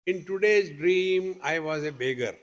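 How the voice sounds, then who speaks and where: Male swami, slow and patient spiritual talk with gentle humor, somewhat high-pitched. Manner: patient, questioning, with homely examples and light humor. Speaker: swami teaching at a meditation retreat. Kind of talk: spiritual discourse.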